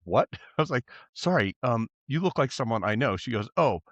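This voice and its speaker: A man's voice: medium pitch, animated, normal speed, dry recording. Podcast co-host, male, rambling storyteller, slightly dull dry sound. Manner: rambling, laughing anecdote teller. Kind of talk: casual storytelling chat.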